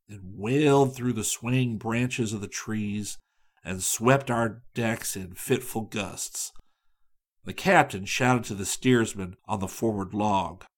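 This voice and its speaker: A man reading a travel story aloud in measured audiobook narration. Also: lowish voice, a bit bright.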